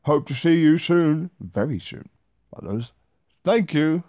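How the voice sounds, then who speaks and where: A man's voice: a little high, lively intonation, takes it slowly, a little mellow, no room sound, pitched above the performer's own voice. A pompous, posh old man reads with great theatrical flourish, as a man puts him on. His plummy voice swoops up and down, and the sound is dry and close. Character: posh middle-class old man named Edward.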